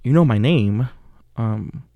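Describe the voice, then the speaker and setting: Slow, gravelly Puerto Rican young man. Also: medium pitch, expressive, no echo, dull audio. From Puerto Rico. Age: young adult. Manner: unhurried, with frequent fillers and self-corrections. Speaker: podcast host. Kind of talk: casual podcast monologue.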